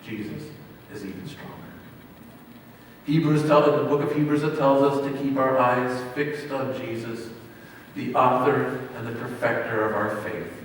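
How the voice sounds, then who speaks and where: A male pastor delivers a sermon in a church hall, building to loud emphatic peaks and falling away to quiet lines. The mic sits far off, so his voice rings through a long, roomy reverb with a faint hum of ambience behind. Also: mid-range voice, moderate pace. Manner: dynamic preaching, swinging from loud emphasis to near hush.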